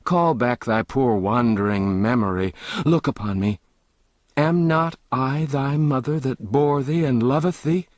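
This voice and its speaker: A man voicing a tearful, pleading poor mother in an audiobook, speaking slowly in old-fashioned speech. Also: medium pitch, darkish tone, no echo, pitched above the performer's own voice, close to an everyday voice. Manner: slow, pleading, archaic speech. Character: grieving poor mother, middle-aged woman, tearful and pleading. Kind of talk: audiobook character voice.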